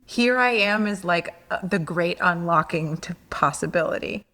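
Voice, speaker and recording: Low-voiced woman in a reverberant room. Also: moderate pace, sharp tone. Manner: reflective, searching for words. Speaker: podcast co-host. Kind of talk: reflective conversation.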